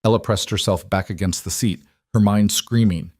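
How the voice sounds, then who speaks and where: A man narrating a dark romance story in a measured, dramatic reading. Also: fairly low pitch, no echo, clean studio sound.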